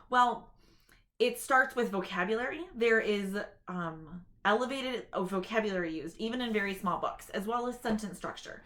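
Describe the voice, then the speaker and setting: A woman's voice: mid-range voice, lively intonation, fairly bright tone. A woman giving an informal talk to camera, sharing tips on reading aloud to children in a chatty, explanatory way. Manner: chatty and explanatory, with quick read-aloud demonstrations.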